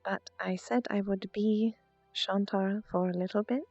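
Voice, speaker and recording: A woman voicing a calm, seductive adult woman librarian in a put-on posh English accent. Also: medium pitch, moderate pace, no room sound, lo-fi sound, soft background music, close to an everyday voice. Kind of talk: in-character VR role-play.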